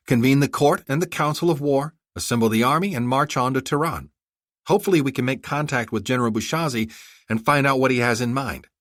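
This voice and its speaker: A man voicing a young Iranian princess, earnest and commanding, with a Minnesotan accent, soft and reassuring. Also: mid-range voice, no room sound, clean studio sound, pitched above the performer's own voice, lightly acted.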